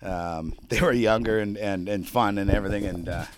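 A man co-hosting a podcast, telling a travel story in casual chat, profane and animated. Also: lowish voice, normal speed, a little hiss or hum. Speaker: podcast co-host.

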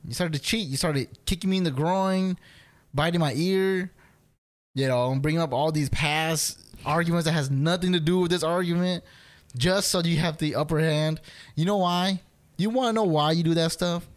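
A man co-hosting a casual podcast recounts an argument as a story, playing both sides and laughing often. His voice sits a little high, with fairly even intonation and a moderate pace.

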